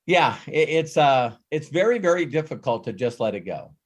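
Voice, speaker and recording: A man's voice: a little high, very animated, moderate pace. A man hosting a live coaching session, talking in a rambling way with frequent restarts and repeated words. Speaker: host and life coach.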